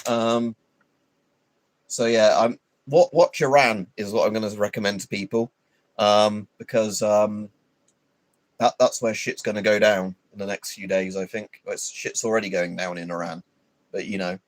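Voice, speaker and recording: Give me a man with a low voice, ranting and swearing on a livestream, dry close mic. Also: steady tone, normal speed, no echo. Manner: rambling, profane, opinionated, many fillers. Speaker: livestream host. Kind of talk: casual livestream chat.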